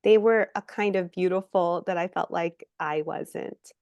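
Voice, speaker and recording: An expressive middle-aged woman from the United States chats as an interview guest, acting out the voices of people in her stories and breaking into laughs. Her voice sits at an ordinary pitch and sounds dry and close to the mic. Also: a little slow, dry recording, dull audio. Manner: animated storyteller, acts out quoted voices, laughs often. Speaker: guest actress. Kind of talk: casual interview chat.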